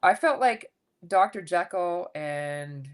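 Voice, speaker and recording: Woman, 50s, low voice, frank storyteller guest on a chat podcast. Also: slow pace. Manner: candid, animated, swears casually. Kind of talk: casual interview storytelling.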